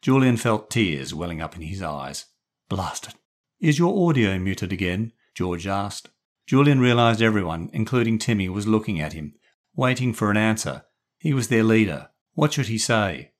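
A man reads his own short story aloud in a storybook style. His voice sits low, and it moves with a lot of rise and fall. The narration sounds expressive and animated. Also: normal speed. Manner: lively, expressive. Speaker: author and narrator. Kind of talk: storybook reading.

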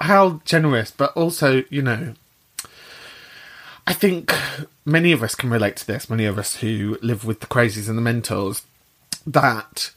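A man's voice: medium pitch, a bit bright. A man hosting a podcast, chatty and emotional, laughing often and swearing freely. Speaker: host. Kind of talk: casual podcast talk.

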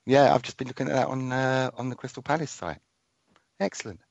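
A man's voice: medium pitch, brisk, creaky, no echo, highs cut off. A man hosting a casual radio interview, talking with many hesitant fillers. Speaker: radio host.

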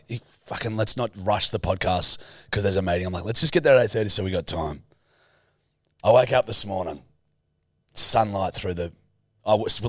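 A man's voice: on the low side, vocal fry, dry recording, clean studio sound. A young man co-hosting a podcast, swearing freely and acting out his own stories in casual banter. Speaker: podcast co-host.

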